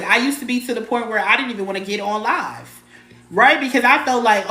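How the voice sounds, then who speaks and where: Faint music plays behind a woman hosting a live spiritual stream in a reverberant space, her fairly high voice bright, forceful and fairly quick. She talks casually and bluntly, greets viewers by name, swears mildly and drives her points home by repeating phrases with emphasis.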